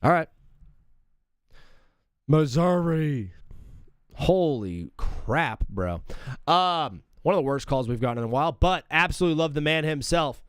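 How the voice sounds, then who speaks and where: A man in his thirties hosting a live sports talk show, rambling and animated, calling people "bro.". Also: a little high, quick pace, smooth, no echo, clean studio sound.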